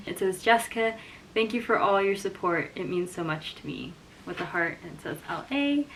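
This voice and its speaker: A young woman vlogging a book unboxing, gushing and emotional, jumping from excited squeals to hushed whispers. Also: mid-range voice, moderate pace, vocal fry. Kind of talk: casual unboxing vlog. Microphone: camera mic.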